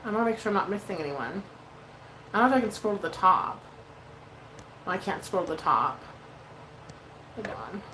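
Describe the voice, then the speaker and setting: A woman's voice: medium pitch, animated, moderate pace, pauses often, bright, forceful tone, a little hiss or hum, rough recording. A woman hosting a casual makeup livestream, chatty and freely swearing as she reads out viewer messages. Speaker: livestream host doing makeup.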